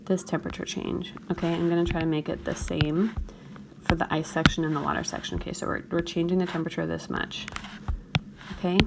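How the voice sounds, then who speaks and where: A woman teacher works through a chemistry problem in a recorded screencast lecture, frequently checking in with her students. Her voice is lowish, level and brisk, with a gravelly morning-voice quality, and heavy background noise runs underneath.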